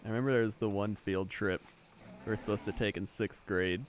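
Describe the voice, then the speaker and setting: A man's voice: fairly low pitch, steady tone, fairly quick. A young man co-hosting a game stream, chiming in briefly and laughing often. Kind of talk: casual chat while gaming. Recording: noisy stream audio.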